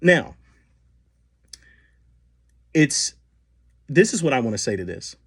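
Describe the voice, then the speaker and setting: A man's voice: mid-range voice, very animated, takes it slowly, fairly bright tone, husky. A man hosting a solo commentary podcast, talking with many fillers and restarts. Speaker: podcast host.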